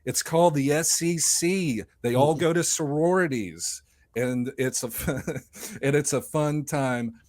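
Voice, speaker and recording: A man's voice: fairly high pitch, measured pace, darkish tone. A man co-hosting a casual fantasy sports podcast. He rambles and jokes, and he swears casually. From lives in Nashville. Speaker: podcast co-host.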